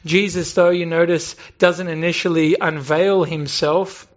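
A man's voice: fairly high pitch, little pitch movement, measured pace, muffled recording. A man preaching a sermon in an earnest way, asking rhetorical questions and building emphasis. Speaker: pastor.

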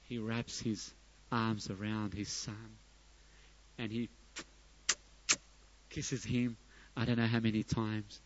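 A middle-aged man preaching a sermon, his voice swelling to loud emphatic peaks and then dropping soft. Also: on the low side, level tone, slow pace, long pauses, muffled recording, slight background noise. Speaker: pastor.

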